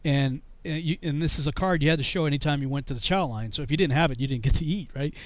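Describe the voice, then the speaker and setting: A man from Massachusetts telling a story in casual conversation, animated and laughing often as he acts out the people in it. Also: on the high side, fast talker, no echo.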